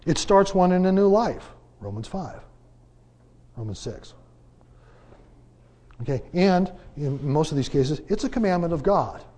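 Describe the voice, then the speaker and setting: A man with a fairly high voice preaches in a loose, conversational Bible class style. He fires off rhetorical questions and leans hard on key words, his loudness rising and falling as he drives each point home. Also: unhurried, pauses often. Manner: animated, rhetorical questions, emphatic swings in loudness.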